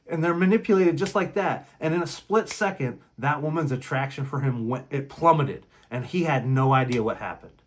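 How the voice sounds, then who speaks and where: A man's voice: on the high side, animated, normal speed. A man hosting a relationship talk channel, speaking in a blunt, heated casual monologue and acting out quotes as he tells his story.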